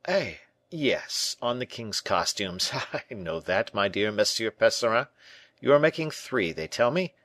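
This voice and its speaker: A man's voice: lowish voice, big pitch swings, unhurried, a bit bright, no room sound. A man voicing a bold musketeer captain who teases and presses with emphatic banter, in an audiobook reading. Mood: jovial.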